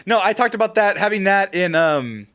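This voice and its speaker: A man with a fairly high voice co-hosts a loose, casual podcast. He jokes, rambles from one bit to the next and laughs easily. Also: animated, a bit bright. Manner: joking, rambling, quick to laugh. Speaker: podcast co-host. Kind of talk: casual chat.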